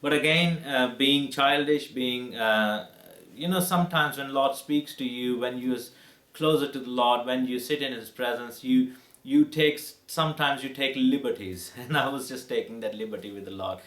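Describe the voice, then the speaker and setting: A male pastor tells his faith testimony with fervent emotion and many restarts. His voice sits at an ordinary middle pitch. The recording has a noticeable roomy echo. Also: moderate pace, fairly bright tone. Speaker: pastor and evangelist.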